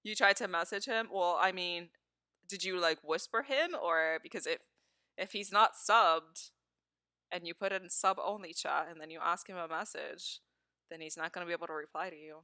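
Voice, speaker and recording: A woman's voice: lowish voice, moderate pace, sharp tone, dry recording, studio quality. A woman live streamer chatting casually with her viewers, laughing often and swearing freely.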